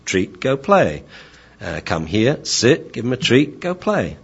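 A man's voice: mid-range voice, sing-song, takes it slowly, creaky, husky, highs cut off. A man who trains dogs, hosting a radio talk show and explaining with acted-out examples.

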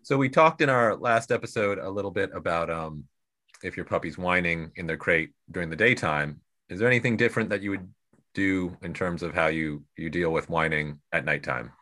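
A man co-hosting a casual chat, asking relaxed, conversational questions. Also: low-pitched, a little fast.

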